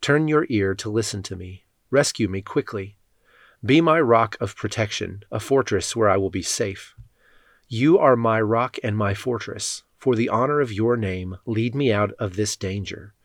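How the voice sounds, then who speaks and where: A man reading Bible passages aloud in a measured, solemn way. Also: fairly low pitch, no room sound, clean studio sound. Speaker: scripture reader.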